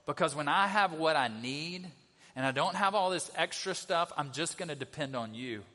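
A man's voice: fairly high pitch, animated, moderate pace, pushed and bright. A middle-aged male pastor giving a conversational sermon, often asking the congregation questions. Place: church sanctuary. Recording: long reverb of a church hall.

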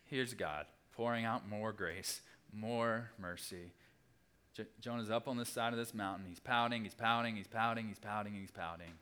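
A young adult man preaching a sermon, animated, acting out the people in the story with big jumps in his voice. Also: moderate pace, clean tone. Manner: animated, acts out voices with big pitch swings. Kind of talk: sermon teaching.

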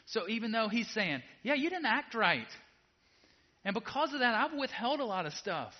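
A man preaching a sermon to a congregation in a casual, direct way, moving between quiet asides and loud emphatic peaks. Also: very high-pitched, sing-song, moderate pace. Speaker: pastor. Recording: dull lo-fi sound.

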